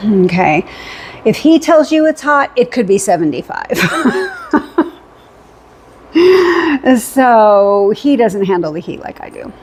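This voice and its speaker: A woman's voice: mid-range voice, slow pace, long pauses, a little hiss or hum. Chatty woman telling a weekend story. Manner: chatty, rambling, with fillers; animated retelling with quoted dialogue. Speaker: vlogger. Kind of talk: casual storytelling recap.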